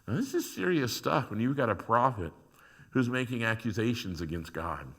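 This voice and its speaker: Bright, animated man preaching a sermon. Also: mid-range voice, normal speed. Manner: acts out prayers and complaints to God in dramatic voices; rises from quiet reflection to loud emphasis. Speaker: pastor.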